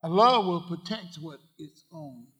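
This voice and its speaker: A man preaching a sermon, asking the congregation questions and swinging from quiet asides to loud declarations. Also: a little high, lively intonation, a little slow. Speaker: pastor.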